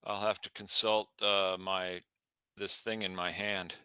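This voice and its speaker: An easygoing man co-hosts a food chat and trades stories with his partner. His voice is strikingly bright and smooth. It is recorded close and dry, with no room sound. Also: low-pitched, flat delivery, unhurried, no echo. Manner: easygoing, tells anecdotes. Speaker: co-host. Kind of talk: casual chat.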